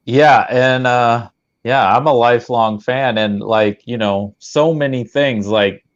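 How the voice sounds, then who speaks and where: A man as a podcast guest in a casual chat about movies, relaxed and conversational. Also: medium pitch, slow pace, muffled recording.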